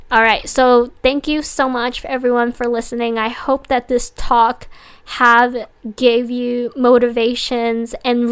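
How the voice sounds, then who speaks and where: A woman's voice: a little high, fairly bright tone, clear, resonant tone. A woman hosting a motivational talk, earnest and encouraging, often restarting her sentences. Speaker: podcast host.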